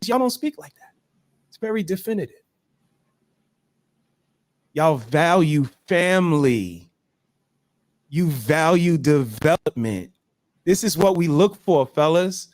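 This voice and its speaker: A man's voice: sits high, no echo, clean studio sound. A man hosting a live stream, talking emphatically like a preacher and repeating phrases. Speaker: show host. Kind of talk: motivational chat on a live stream.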